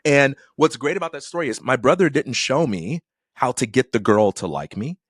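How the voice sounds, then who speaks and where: A man's voice: medium pitch, lively intonation, moderate pace, no room sound. Thoughtful middle-aged man, dry close mic. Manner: thoughtful, acts out quoted people in dialogue. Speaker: podcast guest. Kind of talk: reflective conversational storytelling.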